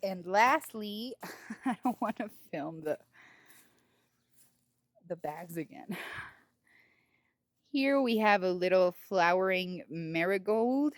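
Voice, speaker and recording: A gardening vlogger gives a casual tour of her home garden outdoors, giddy, giggly, and over-excited. Her mid-range voice moves slowly with long pauses. The recording is dry.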